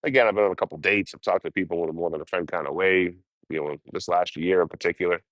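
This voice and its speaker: A man's voice: low-pitched, quick pace, fairly bright tone, dry recording. A man chatting casually with his livestream viewers, rambling and swearing as he talks about life on the road. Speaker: livestreaming traveler.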